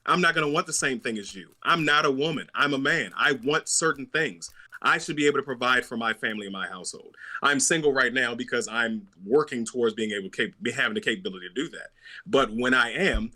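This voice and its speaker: A man's voice: medium pitch, animated, fast, bright, forceful tone. A young man co-hosting a podcast, arguing his views in a casual, emphatic, repetitive way. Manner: emphatic, opinionated, repeats himself. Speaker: podcast co-host. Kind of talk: casual debate chat.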